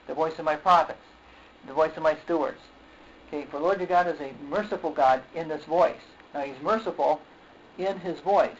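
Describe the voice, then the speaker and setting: A man delivers a sermon in a halting, repetitive way, often stopping to say okay and to clear his throat. His voice sits a little high for a man. The recording is dull and lo-fi, with a faint hiss behind it. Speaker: preacher.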